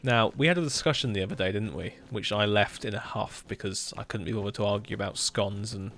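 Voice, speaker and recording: A man's voice: on the low side, fairly quick, vocal fry, a bit bright, soft background music. A man with a Hampshire accent chatting casually on a live stream, reading chat and laughing often. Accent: Hampshire English. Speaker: livestreamer.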